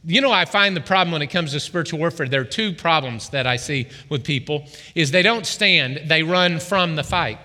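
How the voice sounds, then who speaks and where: A male pastor delivers a sermon in an animated way, often throwing questions out to his congregation. His voice sits high and sounds bright and forceful. The hall around him rings with a long reverb. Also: normal speed, hardly any pauses.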